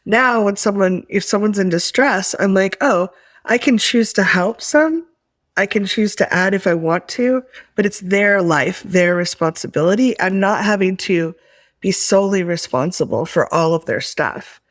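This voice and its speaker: Soft-spoken woman sharing, dry sound. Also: medium pitch, normal speed, no echo. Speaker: workshop participant. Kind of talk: sharing and guiding tapping.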